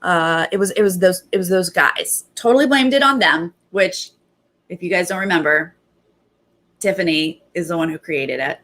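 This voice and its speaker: Chatty woman recapping with a lowish voice. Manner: animated retelling, quoting others in quick bursts. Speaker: host. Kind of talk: casual recap chat.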